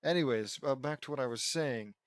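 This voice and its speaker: A man's voice: mid-range voice, a little fast, dry recording, studio quality. A man reading fan fiction aloud and breaking off into sarcastic, rambling asides that question the story. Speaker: reader and commentator.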